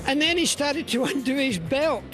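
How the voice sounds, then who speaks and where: A man telling a story about a colleague in a brisk anecdotal way. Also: extremely high pitch, lively intonation, over music, low-quality recording. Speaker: guest.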